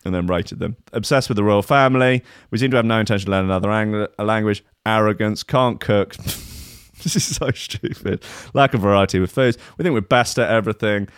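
A man's voice: fairly low pitch, fast talker, clean tone, no echo, studio quality. Sarcastic, swearing English man. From England. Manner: sarcastic, swearing, laughs at own jokes. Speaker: commentator. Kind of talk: casual commentary.

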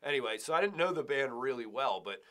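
A young man co-hosting a podcast, telling a story in a casual, animated way and swearing freely. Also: mid-range voice, fast. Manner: animated, swears a lot, acts out quotes. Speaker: podcast co-host.

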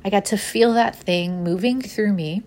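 A woman's voice: medium pitch, moderate pace, a little mellow. A young woman, hosting a podcast and telling a personal story casually, often laughing and swearing. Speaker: podcast host.

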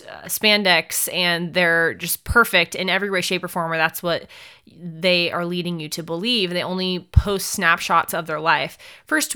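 A young woman coaching pageant hopefuls on her own podcast. Her voice is bright and forceful, smooth and crisp, and sits fairly low for a woman. She talks straight to the listener, motivating them and asking one rhetorical question after another. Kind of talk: solo podcast talk.

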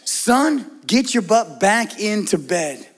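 A man doing a gruff, sleepy old priest. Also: high-pitched, big pitch swings, takes it slowly, exaggerated voice. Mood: grumpy. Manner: curt and dismissive.

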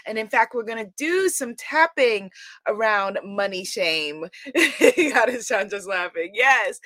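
A middle-aged woman from Guyana hosting a weekly live stream, loud and exuberant, greeting viewers by name. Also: a little high, no echo. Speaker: livestream host.

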